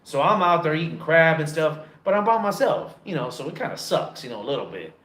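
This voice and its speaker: An American man telling travel stories to camera in a loud, profane, animated way, recorded on a phone in a dim room. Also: fairly quick, roomy sound. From United States. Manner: loud, profane and animated, with big pitch jumps. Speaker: travel vlogger. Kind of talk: casual storytelling to camera.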